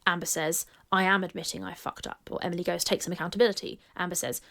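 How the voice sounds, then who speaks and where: A woman talks through events in a blunt, analytical way and swears freely. Her voice sits low and has a gravelly edge. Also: little pitch movement, quick pace, a bit bright. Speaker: video commentator. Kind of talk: narrated commentary.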